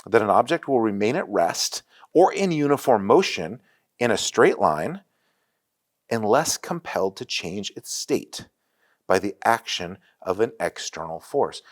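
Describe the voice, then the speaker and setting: A man in his forties preaching a sermon in a church, telling stories in an animated way with frequent restarts. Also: lowish voice, measured pace. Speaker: pastor. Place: church sanctuary.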